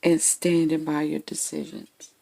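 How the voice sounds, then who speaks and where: A woman's voice: low-pitched, little pitch movement, unhurried, creaky, dark tone. A woman giving a casual, blunt tarot reading to her viewers, checking in with "okay?" after nearly every point. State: has the hiccups. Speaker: tarot reader.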